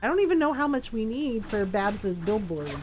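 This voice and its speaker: A woman's voice: on the high side, big pitch swings, normal speed, a little mellow, soft background music. A woman streaming a video game, chatting casually and rambling with frequent giggles. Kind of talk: casual gameplay chat.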